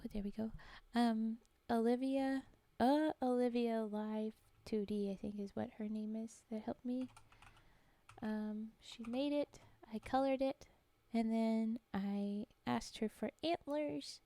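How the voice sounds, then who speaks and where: A woman streamer chatting casually and haltingly between poems, with many soft fillers. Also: a little high, fairly even intonation, dry recording. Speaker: streamer reading poetry. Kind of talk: casual live-stream chat.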